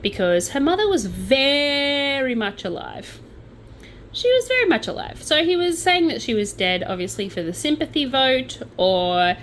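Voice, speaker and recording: A woman's voice: a little high, fairly bright tone, a little hiss or hum, low-quality recording. A young Australian woman hosting a true crime channel, telling the story in a casual, chatty way with sardonic asides.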